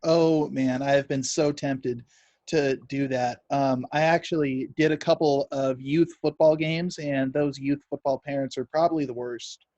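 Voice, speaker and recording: A man's voice: medium pitch, steady tone, measured pace, a little mellow, no room sound. A man taking part in a video call, asking questions and reacting casually. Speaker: call participant. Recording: dull lo-fi video-call audio.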